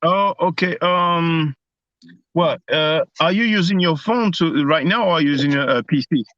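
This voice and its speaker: Man, higher-pitched voice, hesitant restarts, muffled dry phone sound. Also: moderate pace, a bit bright, dry recording. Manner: hesitant, many restarts and fillers. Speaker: host. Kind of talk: live stream discussion.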